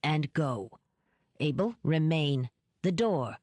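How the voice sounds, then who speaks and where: A woman voicing a vain, cruel older male villain with a smooth, genteel voice that turns icy. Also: sits low, animated, no room sound, exaggerated voice. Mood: cold command. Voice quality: smooth, warm then icy. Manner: slow, menacing, genteel.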